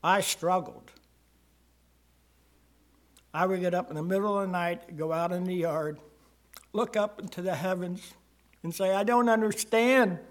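A man's voice: high-pitched, steady tone. An older man telling his personal testimony to a church congregation, earnest and rising to emphasis at key moments. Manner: slow, earnest storytelling with swells of emphasis. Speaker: church member giving testimony.

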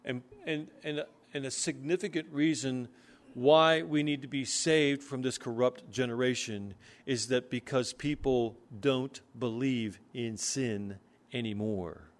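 A man preaching a sermon, earnestly explaining scripture and reading verses slowly. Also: medium pitch, steady tone. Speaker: pastor.

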